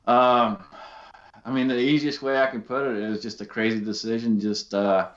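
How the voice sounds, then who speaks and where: A man's voice: medium pitch, level tone, normal speed, a bit bright, highs cut off. Laid-back man with a Southern drawl. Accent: Southern US, Georgia. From Scotland. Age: 30s. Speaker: guest. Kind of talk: casual interview.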